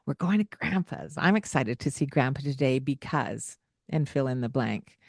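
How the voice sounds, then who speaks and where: A woman co-hosting a parenting podcast in a casual chat, animated and breaking into singsong greetings as she acts out talking to children. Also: a bass voice, normal speed, gravelly, husky, no room sound, clean studio sound. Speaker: podcast co-host.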